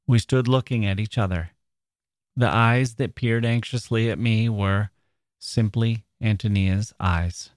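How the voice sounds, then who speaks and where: A man with a fairly low voice hosts a literature podcast, reading a novel aloud and then reflecting on it. He speaks in a measured, thoughtful way and sometimes stops to hunt for the right words. The recording is close and dry, with no room echo. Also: a little mellow.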